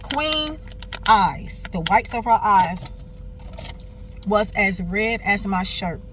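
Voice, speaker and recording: A young woman talks straight to her viewers, candid and animated, her speech loose and full of asides. Her voice sits at an ordinary middle pitch. Faint traffic noise hums behind her. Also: slow. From Miami, Florida. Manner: animated, candid, swears freely, keeps addressing viewers. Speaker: vlogger. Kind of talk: casual personal storytelling.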